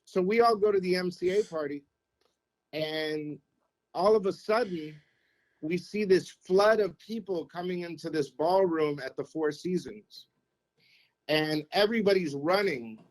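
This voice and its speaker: Man, middle-aged, podcast guest, animated storyteller, raised pitch, casual. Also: measured pace, poor audio. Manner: animated anecdote-telling, acts out quotes, keeps saying "you know what I mean". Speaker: podcast guest, former radio programmer.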